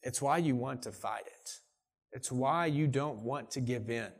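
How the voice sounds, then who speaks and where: A man who is a pastor preaching a sermon, earnest and swinging between hushed, intimate moments and emphatic declarations, a parent of young children. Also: mid-range voice, measured pace, slightly rough. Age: young adult or middle-aged, parent of young children.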